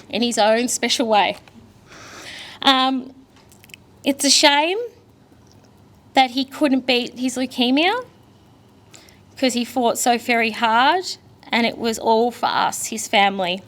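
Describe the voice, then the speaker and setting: Young Australian woman, daughter delivering a eulogy, fairly high voice, candid and emotional, storytelling. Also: fairly bright tone. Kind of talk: funeral eulogy.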